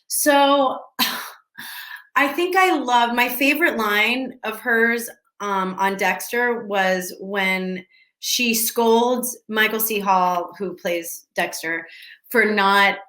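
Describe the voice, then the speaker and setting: A woman talks with fans over a video call, her voice bright and forward. She rambles, restarts her sentences and keeps the chat loose and casual. The room around her rings with a noticeable echo. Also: medium pitch, slow pace. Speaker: actress answering fan questions. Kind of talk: casual virtual Q&A. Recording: echoey room.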